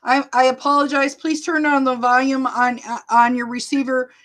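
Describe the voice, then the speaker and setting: A middle-aged woman hosting a casual livestream, loud and laughing often as she reads viewer comments. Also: sits high, little pitch movement, moderate pace. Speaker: livestream host and rideshare driver.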